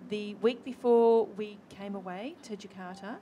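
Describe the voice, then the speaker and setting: A woman's voice: mid-range voice, fairly even intonation, a little slow, dark tone, lo-fi sound, faint music behind. A woman with an Australian accent, a guest telling stories enthusiastically in an interview. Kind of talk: casual interview talk.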